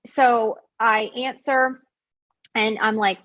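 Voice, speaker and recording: A woman guest telling a personal story in a casual, animated way, full of "like" and acting out what others said. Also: fairly high pitch, takes it slowly. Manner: animated, acts out quoted voices; frequent fillers like "like".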